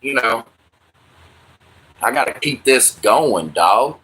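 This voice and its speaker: A man with a drawl hosts a laid-back livestream. He talks in an unhurried, drawn-out way with a bright, forceful edge to his voice. His banter with viewers is loose, slangy and peppered with swearing. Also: mid-range voice, expressive, husky. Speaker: livestream host. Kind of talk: casual livestream chat.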